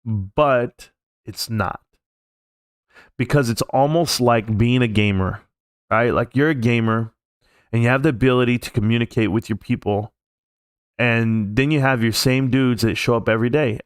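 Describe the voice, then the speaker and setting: A man's voice: medium pitch, measured pace, clear, resonant tone, dry recording. Male streamer, mid-range voice, dry sound, heartfelt rambling chat from home. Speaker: live-stream host. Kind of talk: casual live-stream talk. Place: at home, alone.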